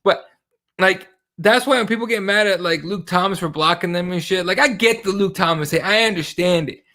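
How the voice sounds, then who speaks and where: A man co-hosting a casual podcast, talking in a profane, animated way and acting out his online exchanges as little quoted scenes. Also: high-pitched, fairly quick. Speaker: podcast co-host.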